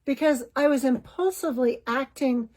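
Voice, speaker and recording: A woman telling a personal family story in a candid, reflective, self-examining way, now and then clearing her throat. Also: high-pitched, normal speed, mellow, poor audio. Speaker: podcast host.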